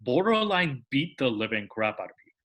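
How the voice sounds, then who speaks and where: Bright-voiced man rambling through explanations. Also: medium pitch, big pitch swings, moderate pace. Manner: rambling, restarts, tags sentences with "that is". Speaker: podcast guest. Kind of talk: explanatory casual chat.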